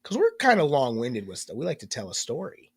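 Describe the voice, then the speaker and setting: Male podcast co-host, stuffy and congested, animated storyteller, dry close sound. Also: mid-range voice, brisk, husky, dry recording. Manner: chatty, joking, lively storyteller. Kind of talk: casual chat.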